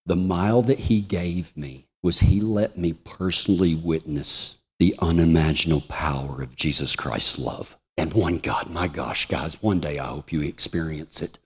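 A man preaching a sermon, telling a personal testimony with emotion, moving from hushed lines to soaring ones. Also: a bass voice, normal speed, hardly any pauses, slightly rough.

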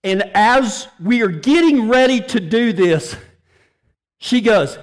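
Folksy high-voiced preacher man. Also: expressive, measured pace. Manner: folksy and joking, laughs at his own stories. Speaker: pastor. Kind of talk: storytelling sermon.

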